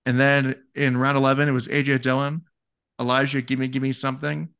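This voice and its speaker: A man's voice: medium pitch, level tone, brisk, a bit bright, clear, resonant tone. A man co-hosting a casual fantasy football podcast, easygoing and self-deprecating as he reads through draft picks. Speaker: podcast co-host.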